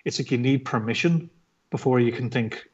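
A man's voice: medium pitch, moderate pace, slightly rough, muffled recording. An Irish man, a comic book artist, telling his story in a casual interview, rambling with lots of fillers and swearing. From Ireland.

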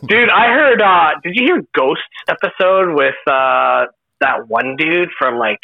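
A man's voice: a little high, lively intonation, measured pace, gravelly. A Canadian man chatting casually as a podcast guest, laughing and swearing freely. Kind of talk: casual chat. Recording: dull lo-fi remote line.

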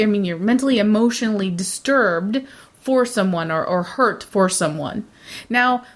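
A woman, giving blunt, opinionated casual talk, swearing freely and acting out other people. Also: on the high side. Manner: blunt, swears, animated mimicry.

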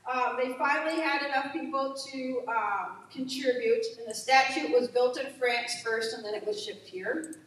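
A woman's voice: high voice, normal speed, a bit bright, recorded from a distance. Chatty woman in an echoey room. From United States. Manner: chatty, self-deprecating, laughs at herself. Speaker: presenter sharing facts. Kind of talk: casual chat.

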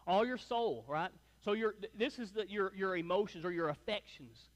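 In a church sanctuary, a middle-aged pastor preaches to his congregation in a folksy, conversational style heavy on tag questions. His voice is high-pitched, moderately paced, and carries a big-room sound.

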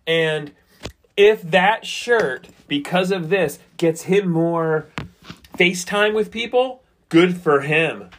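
A man's voice: fairly high pitch, slow, slight background noise. Profane, argumentative man chatting casually. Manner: loose, profane, argumentative banter. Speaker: podcast co-host. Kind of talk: casual chat.

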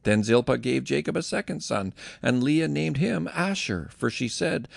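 Male reader, heavy vocal fry, lively delivery, dry close sound, scripture reading. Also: medium pitch, normal speed, few pauses, no echo. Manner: lively, expressive storytelling. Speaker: Bible reader.

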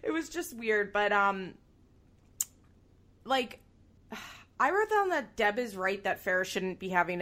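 Laughing often and dropping the odd swear word, a woman co-hosting a podcast recaps a reality show in animated, casual conversation. Her voice is medium-pitched, fairly bright, and carries vocal fry.

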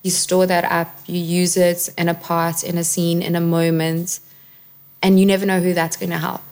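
A woman's voice: lowish voice, level tone, moderate pace, darkish tone. A South African woman, an actress and guest, openly telling her life story in an interview in a reflective way. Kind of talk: candid personal interview.

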